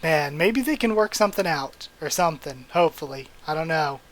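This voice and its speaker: A young man doing an excited, hyped manga readthrough with casual commentary. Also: fairly high pitch, fairly quick. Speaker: YouTube reader.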